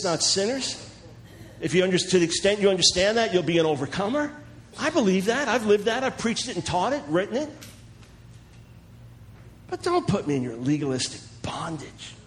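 A high-voiced man preaches a sermon-style teaching talk. He is animated and chuckles as he goes, acting out the voices of the people he quotes.

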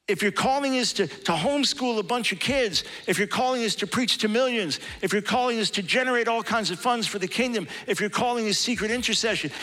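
A man's voice: high-pitched, pushed and bright. A man preaching a sermon in an impassioned, emphatic way, building to strong peaks.

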